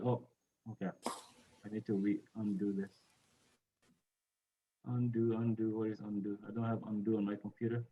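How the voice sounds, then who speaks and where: A man's voice: on the low side, flat delivery, normal speed, long pauses, mellow, highs cut off. A man teaching English pronunciation to a class over a video call, casual and repeating "you know" and "right?".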